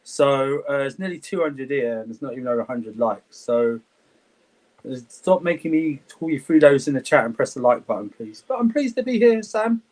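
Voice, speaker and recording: A man's voice: mid-range voice, normal speed, darkish tone, rough recording. A man on a football podcast panel, grumbling playfully at the host and the chat. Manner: mock-grumpy, scolding chat.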